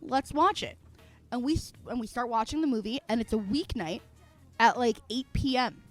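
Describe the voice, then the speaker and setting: A young woman streamer telling a story in casual chat, animated and foul-mouthed, acting out her own quotes and laughing often. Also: a little high, moderate pace, soft background music.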